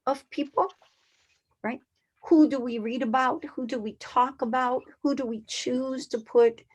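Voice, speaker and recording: A woman's voice: on the high side, darkish tone. Earnest older woman presenting to educators. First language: a language other than English. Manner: earnest, emphatic, poses rhetorical questions. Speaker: educator presenting a conference session. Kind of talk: conference presentation.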